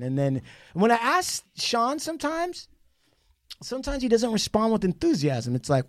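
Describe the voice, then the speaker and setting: A man's voice: very high-pitched, huge pitch swings, moderate pace, no echo, clean studio sound. A man hosting a podcast, telling a heated story in casual profane talk. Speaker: podcast host.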